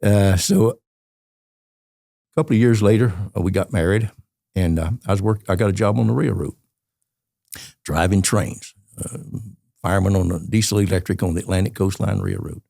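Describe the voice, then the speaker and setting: An elderly man with a Southern US accent tells colorful, rambling stories as a podcast guest. His voice is low, dark and gravelly. The recording is close and dry. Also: moderate pace, pauses often, dry recording. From Georgia, USA. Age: 80s. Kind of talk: storytelling interview.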